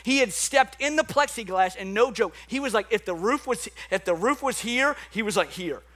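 A high, bright male voice preaching with lively swings between loud bursts and quieter, lower stretches. He is a pastor in his thirties, telling stories and acting out the voices in them. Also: moderate pace. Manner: animated preaching with acted-out dialogue and asides. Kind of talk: sermon.

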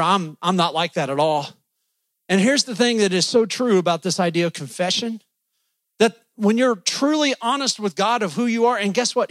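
A man's voice: high-pitched, fairly bright tone, dry recording. A man preaching a sermon in a church, folksy and joking with the congregation.

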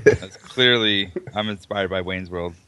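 A man co-hosts a podcast in a fairly low but bright, forceful voice. He banters in a relaxed, joking way. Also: normal speed, clear, resonant tone, no echo. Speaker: podcast co-host. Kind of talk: casual podcast chat.

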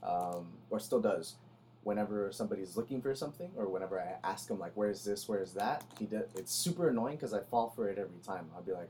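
A man's voice: on the low side, expressive, brisk, dark tone, slight background noise. A man who is a content creator, talking in a casual, laid-back way with a dry delivery. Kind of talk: casual conversation.

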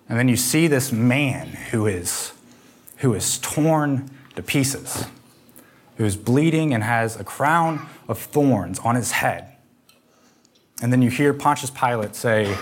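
A man's voice: lowish voice, measured pace, a little hiss or hum. A man preaching a sermon that retells a story vividly in the second person, acting out the quoted lines.

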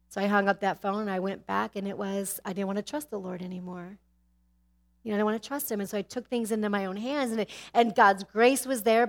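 A middle-aged woman sharing a personal faith testimony, candid and animated, with sudden drops to a hushed tone. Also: mid-range voice.

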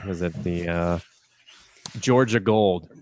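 A man's voice: deep voice, slow, a little mellow, a little hiss or hum. A man co-hosting a podcast, trading dry, profane wisecracks in casual banter. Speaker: podcast co-host.

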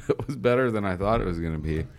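A man with a very deep voice joking along in easygoing podcast chat. He keeps things light and playful. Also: animated, fast, background noise. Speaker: podcast co-host. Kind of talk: casual chat.

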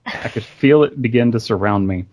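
A man's voice: medium pitch, normal speed, darkish tone. Man reading a short horror story aloud. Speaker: podcast host reading a story. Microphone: video call.

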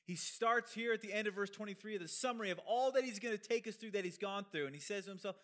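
A man's voice: sits high, fast talker, hardly any pauses, a bit bright. A man preaching an expository sermon, explaining a Bible passage with emphatic rhetorical questions and conversational asides.

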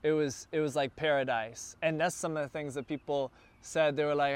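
A man telling a casual travel story, chatty and getting more excited as he goes. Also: on the high side, normal speed, smooth, no room sound.

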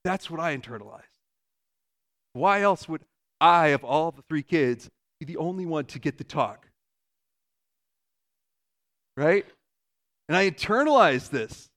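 A man in his forties gives an earnest sermon to a church congregation, with a fairly high voice for a man. He keeps asking the room questions and drops his voice low and soft to press a point home. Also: sing-song, measured pace, long pauses. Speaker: pastor.

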